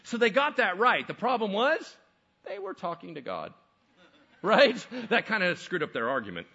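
A man's voice: high voice, big pitch swings, moderate pace, vocal fry, pushed and bright, breathy edge, highs cut off. A male pastor preaching a sermon in a conversational, emphatic way.

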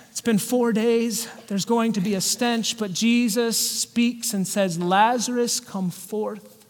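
High-voiced man preaching in a reverberant church. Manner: earnest preaching, slowing down on quoted scripture. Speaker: pastor. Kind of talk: sermon. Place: church sanctuary.

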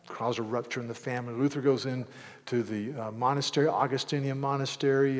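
Preaching man in a reverberant hall. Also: medium pitch. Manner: earnest preaching, rising to emphatic bursts. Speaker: pastor. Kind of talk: sermon.

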